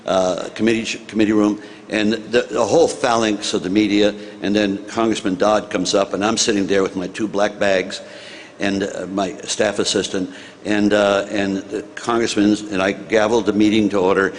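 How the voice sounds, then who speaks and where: An older man from the United States, a former senator, telling an animated story to an audience and acting out the dialogue. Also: on the low side, normal speed, a little hiss or hum. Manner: animated, acts out dialogue, chuckles at own story.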